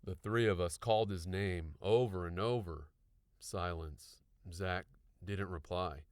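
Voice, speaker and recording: A man narrating an audiobook with expressive storytelling. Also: deep voice, unhurried, no room sound, studio quality.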